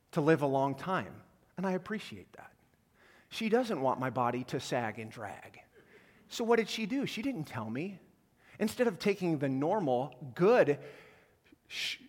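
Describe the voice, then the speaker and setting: A man preaching a sermon as a pastor, animated, acting out quoted voices and swinging between quiet and loud passages. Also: high voice, long reverb tail. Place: church auditorium.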